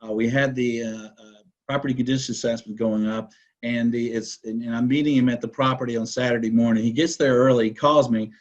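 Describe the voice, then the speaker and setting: A man's voice: medium pitch, fairly even intonation, quick pace, lo-fi sound. A man, a real estate broker and podcast guest, talking assertively and telling stories, often checking in with "right?". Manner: assertive, explains with rhetorical "right?". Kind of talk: conversational interview storytelling.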